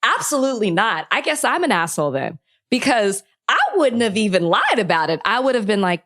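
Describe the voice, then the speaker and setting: A woman co-hosts a casual podcast, talking bluntly and with emphasis and laughing easily. Her pitch swings widely from line to line, giving her speech a lively bounce. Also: a little fast. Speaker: podcast co-host. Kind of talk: casual chat.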